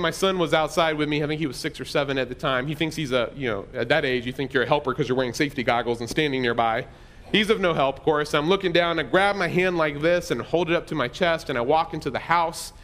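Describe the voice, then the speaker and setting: A man's voice: a little high, fairly bright tone. A middle-aged man pastor telling a personal story in a conversational, self-deprecating sermon.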